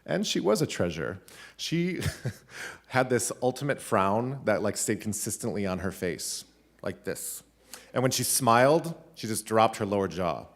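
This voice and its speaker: A man, a teacher, telling a funny personal story live at a school event, animated and laughing between lines. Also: lowish voice, unhurried. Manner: animated, laughing, with many "like" fillers.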